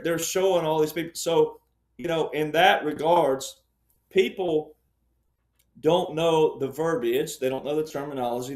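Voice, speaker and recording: A man's voice: a little high, a little mellow. A man with a somewhat raised voice, laying out an argument as a panel guest. He lectures and repeats phrases for emphasis. The sound carries a roomy echo. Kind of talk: emphatic panel-show explanation.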